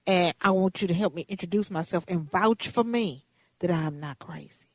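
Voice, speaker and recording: Woman in her fifties, radio host, animated chatty storyteller, dry close sound. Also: on the low side, a little fast, dry recording. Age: 50s.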